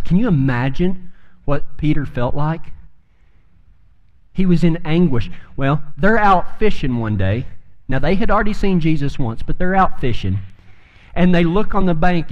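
Folksy male preacher in a reverberant hall. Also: fairly high pitch. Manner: folksy storytelling, rising to emphatic peaks. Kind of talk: sermon.

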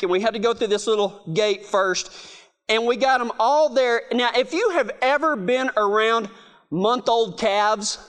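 A middle-aged man giving a humorous storytelling talk, laughing often as he goes. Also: very high voice. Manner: laughing, animated storyteller with restarts. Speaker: speaker.

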